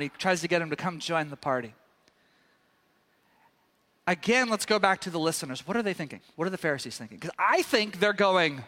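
High bright guy preaching, acts out the story, big echoey hall. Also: normal speed, pauses often. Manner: animated storyteller, acts out characters with sudden loud bursts. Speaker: pastor. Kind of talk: sermon. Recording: echoey hall with long reverb.

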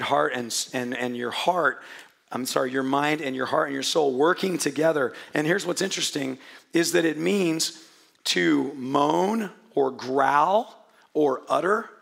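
Hoarse gravelly guy preaching a sermon, a bit high for a man, chatty, cracks jokes. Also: fairly bright tone. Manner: chatty, joking, restarts often. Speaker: pastor. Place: church hall before a congregation.

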